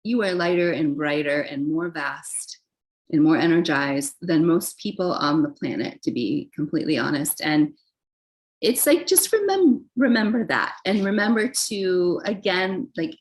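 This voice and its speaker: A young adult woman giving a casual, chatty tarot reading, gentle in tone and full of fillers and soft laughs. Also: fairly low pitch, lively intonation, unhurried, rough recording. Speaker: tarot reader.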